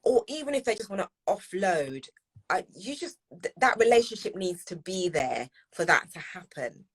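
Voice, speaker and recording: A woman's voice: mid-range voice, very animated, moderate pace, husky. A woman speaking as a guest in a live discussion, earnest and repeating phrases for emphasis. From United Kingdom. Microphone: video call.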